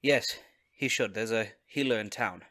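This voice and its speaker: A man playing a tabletop game, speaking casually and relaxed, with fillers. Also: on the low side, moderate pace. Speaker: player.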